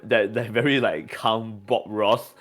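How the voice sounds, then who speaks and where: A man's voice: fairly low pitch, fairly even intonation, a little slow, a bit bright, soft background music. A man in casual voice-chat talk, stammering and repeating words, full of fillers. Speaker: community member.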